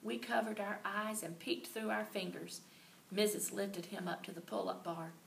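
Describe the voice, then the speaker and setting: A woman reading a children's book aloud with lively, expressive storytelling. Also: medium pitch, moderate pace, vocal fry, slight background noise. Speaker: reader. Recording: roomy and distant, faint ambience.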